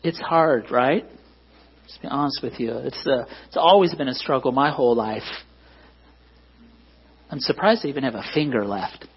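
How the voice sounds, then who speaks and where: Pastor guy preaching, kinda breathy voice, muffled lo-fi church recording, keeps asking "right?". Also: mid-range voice, normal speed, pauses often. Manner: conversational, self-deprecating, asks the congregation for agreement. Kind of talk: sermon.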